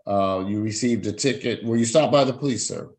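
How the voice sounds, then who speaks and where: A man's voice: mid-range voice, fairly quick, a little mellow, poor audio. A man presiding as a judge, formally reading out charges, fines and rights in a court hearing. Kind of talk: court proceedings over a video call.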